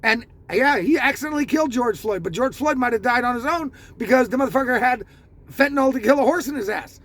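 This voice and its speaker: A man's voice: extremely high pitch, lively intonation, quick pace, a bit bright. A man from the United States giving a heated, profane political rant as a vlogger, repeating himself for emphasis. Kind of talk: ranting political commentary.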